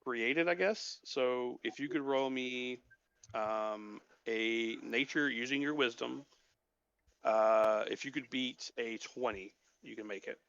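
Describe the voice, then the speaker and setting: A man's voice: medium pitch, unhurried, fairly bright tone, clean tone, no echo, lo-fi sound. A man narrating as game master of a tabletop game, hesitant with many fillers.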